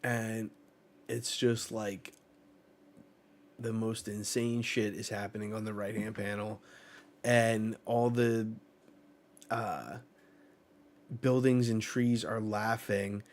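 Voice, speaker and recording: Slow-talking man reading manga aloud. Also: on the low side. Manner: reads panels aloud with excited swearing. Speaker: manga reaction host. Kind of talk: live manga reading reaction.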